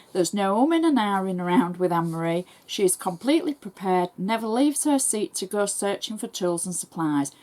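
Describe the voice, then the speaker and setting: An English woman who hosts crafting tutorials, reading viewer messages aloud in a brisk, chatty and thankful way. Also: fairly low pitch, darkish tone. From England.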